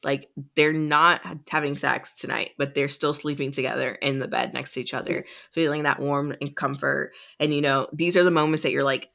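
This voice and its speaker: Woman, podcast co-host, casual chat, animated storytelling, bright tone. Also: low voice, normal speed, creaky, few pauses. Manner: chatty, animated, acts out quoted lines. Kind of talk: casual chat recapping a novel.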